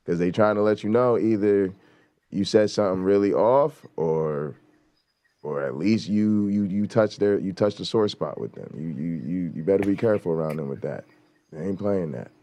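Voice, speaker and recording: Warm and low, this man's voice moves at a moderate pace as he hosts a talk show. He gives blunt, emphatic, casual commentary, cursing often and leaning on a rhetorical "right?"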